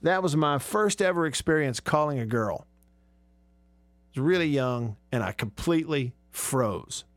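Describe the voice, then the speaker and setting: A man in his thirties hosts a radio show, chatty and quick to laugh at himself. His voice sits a bit high for a man. The studio sound is dry and close. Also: expressive, no echo. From Alabama. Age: 30s. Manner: chatty, self-mocking, laughs often. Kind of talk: casual radio talk and storytelling.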